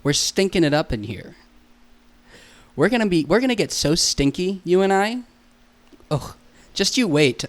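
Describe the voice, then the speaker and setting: A man's voice: on the high side, animated, moderate pace. A young man hosting a solo podcast alone in a room, goofy and self-mocking, rambling and swearing a lot.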